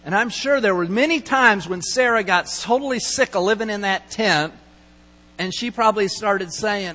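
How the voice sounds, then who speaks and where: A man's voice: sits high, normal speed, bright, forceful tone. A middle-aged man pastor giving a conversational, storytelling sermon and acting out quoted lines. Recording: long hall reverb, mains hum.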